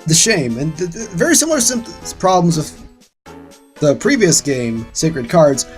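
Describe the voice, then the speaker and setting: A man's voice: fairly high pitch, very animated, unhurried. Ranting sarcastic man with light music. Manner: sarcastic, ranting, swears freely. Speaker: gaming channel host. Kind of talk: casual let's-play commentary.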